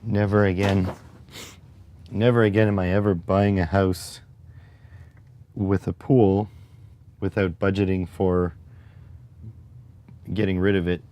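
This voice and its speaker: A man's voice: sits low, level tone, slow, pauses often, mellow. A man hosting a casual livestream, talking in a rambling, wry, conversational way and answering his chat. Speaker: livestream host.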